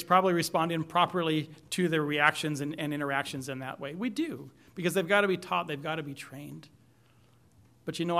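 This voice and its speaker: A middle-aged man delivers a sermon from the pulpit, his voice sitting a little high for a man. He speaks earnestly, pressing hard on key words before settling back to a softer tone. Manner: earnest, emphatic preaching with rising and falling intensity. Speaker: pastor.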